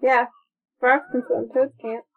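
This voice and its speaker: A chatty, excitable woman co-hosting a podcast reacts to a film and reads her notes aloud in casual movie-watching chat. Her fairly high voice has a gravelly fry, she speaks a little slowly, and the audio is thin and tinny like a phone line.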